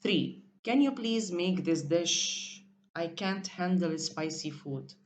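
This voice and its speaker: A woman's voice: lowish voice, slow pace, a little hiss or hum. A woman teaching an English vocabulary lesson, reading definitions aloud and drilling pronunciation.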